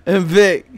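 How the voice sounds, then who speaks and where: Male podcast host, casual and relaxed, slightly higher voice, repeats lines. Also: husky. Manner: laid-back, laughs often, repeats himself. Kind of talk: casual chat.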